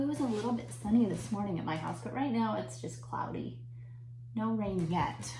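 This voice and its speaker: A woman teaching a remote lesson to young children, speaking in a slow, patient, encouraging way. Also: mid-range voice. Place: home. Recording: echoey room, faint noise.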